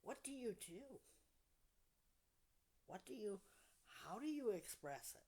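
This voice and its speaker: A woman hosting a support group session, speaking softly and deliberately, often trailing off into near whispers. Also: mid-range voice, sing-song, husky. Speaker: podcast host leading a support group. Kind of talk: reflective talk to a group.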